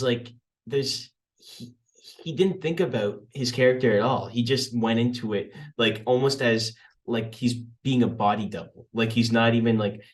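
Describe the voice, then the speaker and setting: A man's voice: medium pitch, far from the mic. A young man co-hosting a podcast, debating a movie in a rambling, blunt, profane way with lots of restarts. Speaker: podcast co-host.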